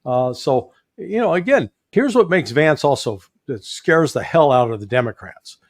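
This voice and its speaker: A man's voice: medium pitch, lively intonation, normal speed, no echo, clean studio sound. A man with a Midwestern American accent, a guest commentator with a folksy, sardonic manner and frequent chuckles.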